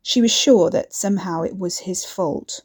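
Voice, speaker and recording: A woman narrating an audiobook in a steady, measured reading. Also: on the low side, husky.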